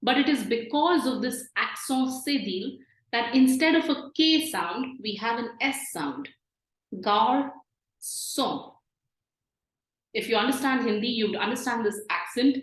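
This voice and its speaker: A woman's voice: fairly high pitch, moderate pace, hardly any pauses. A woman teaching a beginners' lesson, patiently explaining and repeating sounds. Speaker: French teacher. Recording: echoey room.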